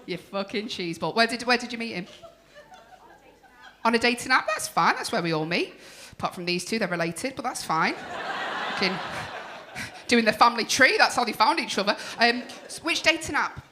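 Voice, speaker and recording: A woman's voice: on the high side, animated, moderate pace, bright, forceful tone. A woman hosting a comedy club night, teasing the crowd in brash, sweary banter. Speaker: stand-up comedy compere. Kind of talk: stand-up crowd work.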